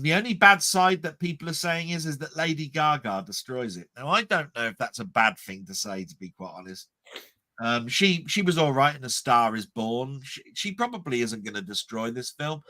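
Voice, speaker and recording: Chatty man with a bright, forceful voice. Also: mid-range voice. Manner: chatty, self-deprecating, reads comments aloud. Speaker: livestream host reading chat comments. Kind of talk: casual live chat.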